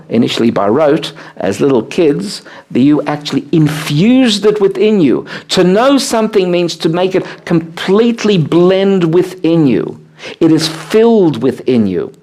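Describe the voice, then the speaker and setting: A rabbi teaching a small live group, explaining ideas with animated, swooping emphasis and many "uh" fillers. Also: male voice. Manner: animated, swooping pitch on key words, frequent "uh" fillers. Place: room with a small seated group.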